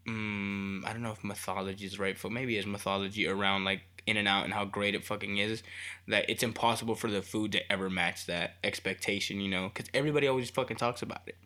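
A man's voice: lowish voice, fairly even intonation, fast, bright, forceful tone. A man co-hosting a casual podcast, rambling, swearing often and teasing his friend. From Texas. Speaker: podcast co-host. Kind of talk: casual chat.

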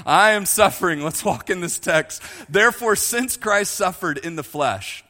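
A man's voice: sits high, unhurried, big-room sound, faint music behind. A man preaching a sermon, joking with his congregation and talking to them directly. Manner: jokey, animated, talks to the congregation. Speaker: pastor.

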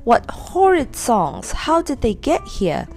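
A woman's voice: fairly high pitch, huge pitch swings, a little slow, a little mellow, soft background music, pitched above the performer's own voice, heavily acted. A woman voicing a spoiled, vain girl doll who sulks and pleads. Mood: pleading. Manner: sulky, pleading.

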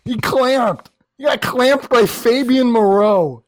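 A man co-hosting a casual sports podcast, ranting loudly and swearing, yelling at times. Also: very high voice, slow pace, dry recording. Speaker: podcast co-host.

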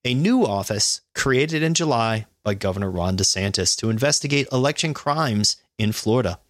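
A man's voice: mid-range voice, expressive, moderate pace, no echo, clean studio sound. A man co-hosting a podcast, reading news stories aloud and adding sarcastic, profane comments and laughs. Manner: sarcastic, laughs often, swears.

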